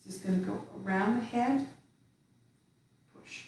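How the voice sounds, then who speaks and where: A woman teaching a tai chi class, calmly calling out slow movement cues. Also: medium pitch. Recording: echoey room, far from mic, faint hiss.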